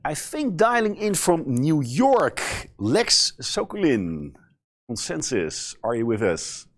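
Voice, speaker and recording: A man moderating a conference session, chatty and easygoing, with many filler pauses. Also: on the high side, big pitch swings.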